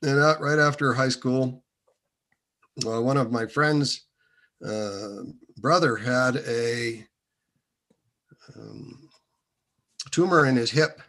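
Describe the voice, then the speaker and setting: A man recounting a personal story at an unhurried, halting pace. His voice is bright and forceful, pitched in a middle range. He often pauses on fillers as he rambles. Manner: hesitant and meandering, many fillers.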